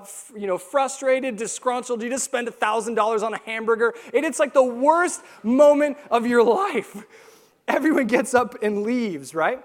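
A young man preaching a sermon, telling a lively story and acting out the quotes. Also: extremely high pitch, normal speed. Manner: animated storytelling with acted-out quotes. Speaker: pastor.

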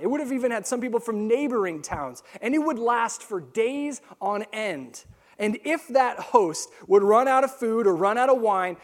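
Animated high-voiced male preacher. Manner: animated storytelling with acted-out quotes. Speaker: pastor. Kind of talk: sermon.

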